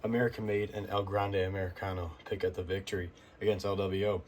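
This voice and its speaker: A man's voice: low voice, level tone, fast, a little hiss or hum. A man casually recapping a wrestling show, rambling with fillers and giving blunt opinions.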